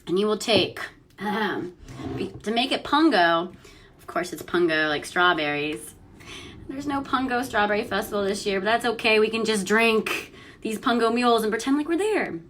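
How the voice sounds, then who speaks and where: A young woman hosts her home vlog in a chatty, giggly way, with lots of fillers and trailing thoughts. Her voice sits at an ordinary middle pitch. A faint hiss of room noise runs underneath. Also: expressive, moderate pace, fairly bright tone. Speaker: host of a news and cocktail vlog. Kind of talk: casual chat while mixing a drink.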